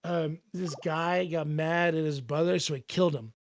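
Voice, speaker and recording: Male guest, gravelly voice, a bit high, profane rambling anecdotes, faint music under. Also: fairly even intonation, normal speed. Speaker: tv reporter guest. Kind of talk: casual chat.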